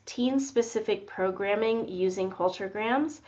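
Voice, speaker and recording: A woman's voice: mid-range voice, unhurried. A woman co-presenting a library webinar, playful and reassuring as she walks through the steps. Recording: dull lo-fi webinar audio.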